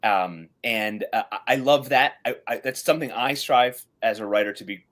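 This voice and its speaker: A man in casual conversation who stops and restarts often and leans on fillers, then picks up into animated runs when an idea lands. His voice sits at an ordinary middle pitch for a man, plain and unremarkable. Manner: halting, many restarts and fillers, animated bursts. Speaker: co-host of a comics writing podcast. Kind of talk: casual discussion.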